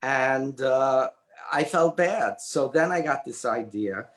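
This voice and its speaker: An older man, an author and illustrator, telling a personal story as an interview guest in a halting way with many fillers and restarts. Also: mid-range voice, animated, a bit bright. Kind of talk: conversational storytelling. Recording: roomy echoey audio.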